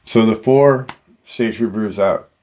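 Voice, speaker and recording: A man retelling an encounter story as a paranormal show host, halting and leaning on "you know" fillers. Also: fairly low pitch, darkish tone.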